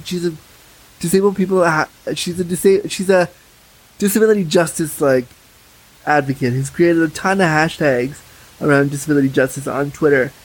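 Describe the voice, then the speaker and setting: Husky, blunt man telling candid stories. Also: fairly high pitch, low-quality recording. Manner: candid, blunt, animated storytelling. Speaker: podcast guest. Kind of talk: casual podcast chat.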